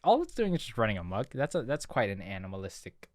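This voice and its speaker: A man's voice: fairly low pitch, very animated, fast talker, darkish tone, no room sound, clean studio sound. A man reading a dating visual novel aloud, breaking off for playful, joking asides. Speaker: let's player.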